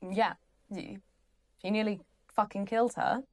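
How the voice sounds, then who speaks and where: A young woman speaks close to her mic at a middle pitch. She rants about a TV character with dry sarcasm and plenty of swearing. She keeps doubling back into rambling asides. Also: steady tone, measured pace, darkish tone. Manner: sarcastic, exasperated, swears freely. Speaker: channel host. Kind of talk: ranting commentary.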